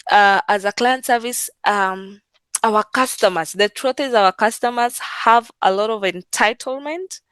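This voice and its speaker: A woman's voice: mid-range voice, a bit bright, clear, resonant tone, dry recording. A woman who works in client service, talking casually and unhurriedly about her work, with many fillers and repeated phrases. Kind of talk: casual talk on work practice.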